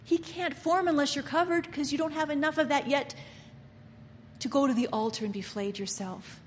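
A woman delivers an impassioned sermon in a fairly high voice, moving between hushed, intimate lines and forceful emphasis. She mocks people by acting out their inner voices. Her voice rings with the long reverb of a church hall over a faint background hiss. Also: normal speed. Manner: impassioned, swinging between soft murmurs and loud emphatic lines. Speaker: preacher.

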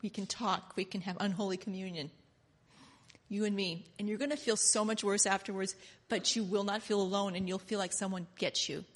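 Coaxing, hushed demon of self-pity, voiced by a woman; intimate and wheedling. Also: mid-range voice, fairly even intonation, a little fast, big-room sound, close to an everyday voice.

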